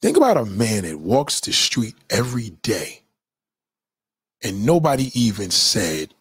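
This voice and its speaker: A man's voice: lowish voice, huge pitch swings, unhurried, breathy edge, no echo, clean studio sound. A man hosting a casual livestream monologue, talking in an emphatic, preachy way with lots of swearing.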